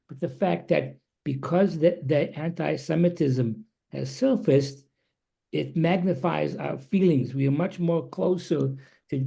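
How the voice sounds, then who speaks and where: A man speaking thoughtfully and in a measured way in a group discussion, on a video call. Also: on the high side, creaky, dark tone, slightly rough. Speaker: discussion participant.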